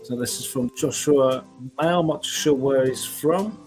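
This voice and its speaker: A man from the UK hosts a relaxed live weather chat, drifting between thoughts and restarting his sentences. His voice sits at an ordinary pitch, and soft music plays faintly behind him. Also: measured pace. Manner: chatty, rambling, self-correcting. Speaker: weather show host.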